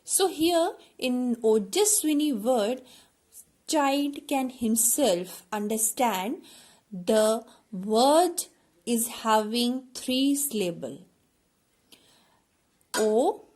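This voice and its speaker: A woman teacher, slowly explaining a classroom activity with many fillers and repeated words. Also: fairly high pitch, lively intonation, a little mellow.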